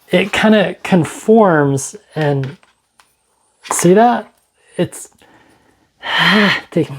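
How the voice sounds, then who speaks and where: Unhurried chatty man, tech reviewer. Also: on the high side. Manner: chatty, joking asides, thinks aloud. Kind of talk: casual unboxing vlog. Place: home studio.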